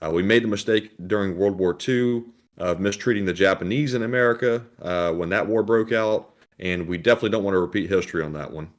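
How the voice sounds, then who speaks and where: Male co-host, low voice, relaxed and halting, reads viewer comments. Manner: relaxed, hesitant with frequent fillers. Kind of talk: casual stream chat.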